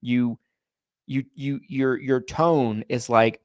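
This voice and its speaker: A man co-hosting a sales podcast, talking in a relaxed, rambling way with lots of fillers. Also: mid-range voice, slow, no echo, studio quality. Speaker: podcast co-host. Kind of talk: casual podcast chat.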